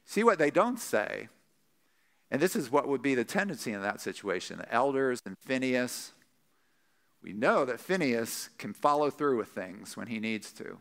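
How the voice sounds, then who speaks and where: A man's voice: moderate pace, gravelly. A man preaching a sermon, talking through a Bible passage and acting out the quoted voices with a lot of energy. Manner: animated, acts out quoted voices with rising pitch. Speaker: pastor.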